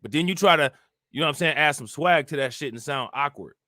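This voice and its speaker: His voice is on the high side, fast and sharp, captured in studio quality with no echo. The young livestream political commentator delivers a casual, profane rant in reaction to his chat, peppering it with repetitive rhetorical questions.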